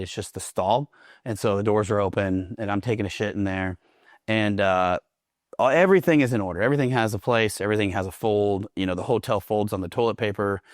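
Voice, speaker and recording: A man's voice: fairly low pitch, no echo, clean studio sound. A man who is a Marine veteran, a guest in a casual interview, telling stories with plenty of swearing and laughter. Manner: profane, laughs through his stories.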